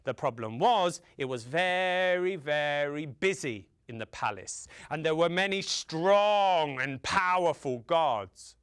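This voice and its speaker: Animated, slow-paced male storyteller. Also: on the high side, clean tone, dry recording, studio quality. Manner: theatrical, with dramatic pauses and sound effects. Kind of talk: folktale storytelling for children.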